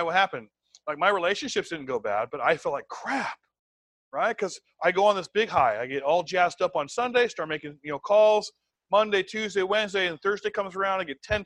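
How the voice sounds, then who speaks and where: Emphatic male sales trainer, fairly high voice. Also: dry recording. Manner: emphatic, tags points with "right?" and "okay?"; repeats words, conversational and animated. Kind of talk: live training talk to a group.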